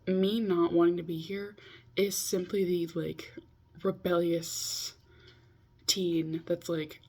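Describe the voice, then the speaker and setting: This twenty-something vlogger records a chatty confessional over a video call, poking fun at herself and scolding herself along the way. She speaks slowly in a level, fairly low voice that's husky and a little mellow.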